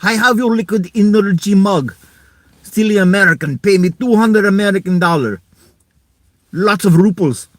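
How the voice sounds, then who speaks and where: A man's voice: high-pitched, moderate pace, dry recording, pitched above the performer's own voice, close to an everyday voice. Man voicing a pushy Russian mug hawker, put-on Russian accent, broken English, dry close sound. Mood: wheedling. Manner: haggling, mock-broken English.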